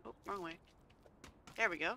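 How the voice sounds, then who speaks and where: A woman's voice: lowish voice, normal speed, gravelly, bright, forceful tone, slight background noise. A woman playfully commenting on a game as she plays, seated and chatting to herself. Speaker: gaming channel host. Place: seated at home.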